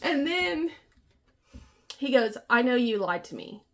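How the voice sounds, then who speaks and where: Lively high-voiced woman recapping a book. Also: slow. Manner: laughs often, retells scenes with quoted dialogue. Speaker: book podcast co-host. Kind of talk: casual book discussion.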